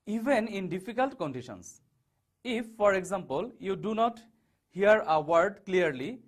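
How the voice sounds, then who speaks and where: A man teaching an online lesson, saying key words slowly one at a time. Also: high-pitched. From Bangladesh. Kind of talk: online English lesson over slides.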